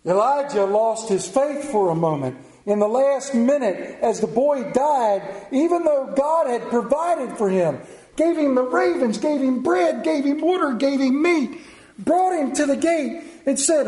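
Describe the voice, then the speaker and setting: A man preaching a sermon, telling Bible stories and acting out the characters, swinging between loud bursts and quiet low passages. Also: expressive, a little slow, roomy sound, poor audio. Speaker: pastor.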